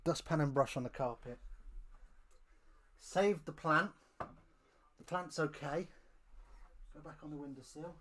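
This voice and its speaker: A man's voice: a little high, takes it slowly, pauses often, fairly bright tone, a little hiss or hum. Chatty man hosting a watch-along. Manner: chatty, rambling, wry asides. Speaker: host of a live rugby watch-along. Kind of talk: casual live watch-along commentary. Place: at home.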